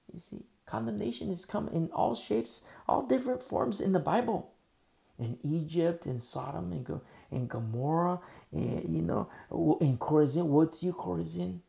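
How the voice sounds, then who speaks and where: A man's voice: on the high side, vocal fry, warm tone. A man pastor preaching a sermon in a conversational storytelling way, with many fillers, who acts out the dialogue of Bible scenes.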